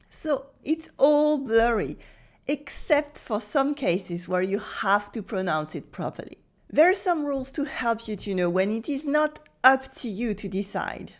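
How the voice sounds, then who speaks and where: A woman with a French accent teaching pronunciation, speaking slowly and carefully and repeating words for the listener. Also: on the high side. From France. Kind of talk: pronunciation lesson.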